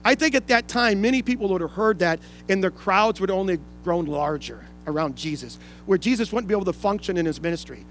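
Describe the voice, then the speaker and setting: A man's voice: sits high, lively intonation, fairly quick, hardly any pauses, a little hiss or hum. A man pastor preaching a sermon in an earnest way, reading scripture aloud and explaining it.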